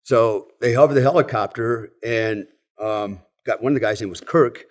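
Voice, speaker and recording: A middle-aged man from the United States, a former soldier telling stories in a relaxed, casual way, with many fillers and asides. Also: mid-range voice, moderate pace. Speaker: guest, former Delta Force soldier. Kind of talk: casual storytelling.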